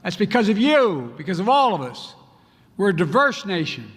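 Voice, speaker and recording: A man in his eighties from Pennsylvania, giving an impassioned political speech at a conference and swinging between quiet stretches and loud emphatic bursts. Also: high-pitched, big pitch swings, moderate pace. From Pennsylvania, United States. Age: 80s. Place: large conference hall. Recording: echoey hall with faint ambience.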